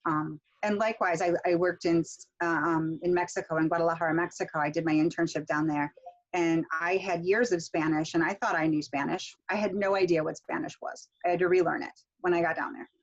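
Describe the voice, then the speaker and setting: A woman's voice: on the low side, steady tone, fairly quick. A middle-aged woman teaching a pronunciation workshop online, chatty and explaining with fillers and restarts. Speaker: pronunciation instructor. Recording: muffled lo-fi video call audio.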